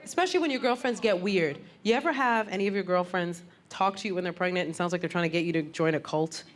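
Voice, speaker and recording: A woman's voice: fairly low pitch, quick pace, background noise. A woman in her thirties doing a stand-up comedy routine, acting out the people she talks about in exaggerated voices. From Puerto Rico. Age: 30s. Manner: animated, acts out quoted people in exaggerated voices. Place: comedy club stage before a live audience. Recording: live club recording with reverb and crowd laughter. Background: audience laughter.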